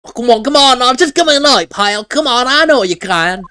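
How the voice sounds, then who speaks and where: A woman voicing a bumbling, emotional male police detective who talks loudly and whines, reading game lines aloud. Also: on the high side, expressive, normal speed, pitched above the performer's own voice. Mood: frustrated. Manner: loud, whiny, says "pal".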